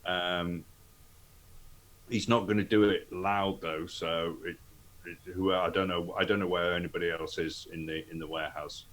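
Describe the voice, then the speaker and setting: A man's voice: deep voice, steady tone, moderate pace, fairly bright tone, slight background noise. A man playing a tabletop game, hesitant and thinking aloud as he speaks. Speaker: player. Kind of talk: tabletop role-play.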